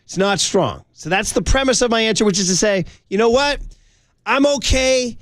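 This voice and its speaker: A middle-aged man co-hosting sports radio in loose, animated banter. His voice sits high for a man. The sound is dry and close to the mic, with no room around it. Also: moderate pace, no room sound. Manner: animated storytelling, mimics voices in anecdotes. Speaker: radio show co-host.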